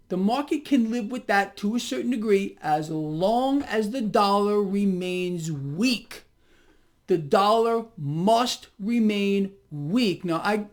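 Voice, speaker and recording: A middle-aged man with a voice that sits high hosts a casual market commentary. He talks straight to his viewers in an animated, chatty way.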